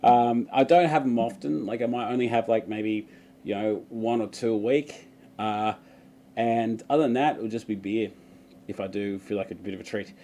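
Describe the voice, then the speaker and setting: A man's voice: lowish voice, steady tone, moderate pace, warm tone, a little hiss or hum. Chatty man laughing through a live Q&A. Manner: chatty, laughs often, mock-dramatic outbursts. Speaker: vlogger. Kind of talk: live Q&A chat.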